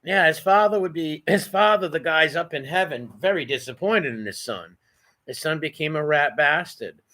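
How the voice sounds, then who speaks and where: A blunt New man hosting a reaction commentary, mocking and profane. His voice is bright and somewhat high, with a forceful edge. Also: lively intonation, normal speed. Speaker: commentary channel host.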